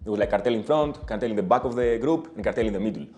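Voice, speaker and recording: A man's voice: lowish voice, rapid-fire, warm tone. A man from Greece, an English speaker, telling a story in an interview and vividly acting out the people he quotes. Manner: vivid, acts out quoted speech. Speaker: travel companion telling a story.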